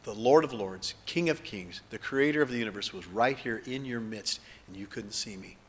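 A man voicing a grieving savior who laments over a city in a soft, hushed, mournful voice. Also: fairly low pitch, normal speed, husky, long reverb tail, voice pushed down. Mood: lamenting.

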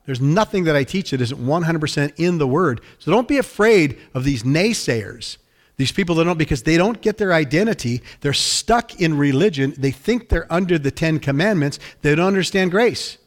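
Fervent preaching man, higher voice. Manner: fervent preaching with emphatic repetition. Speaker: pastor. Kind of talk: sermon.

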